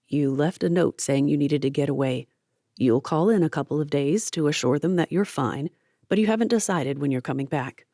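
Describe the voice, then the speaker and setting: A woman's voice: sits low, normal speed, mellow, no room sound, clean studio sound. A woman doing a stern, clipped male captor. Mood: firm. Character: calm stern male captor, firm bodyguard.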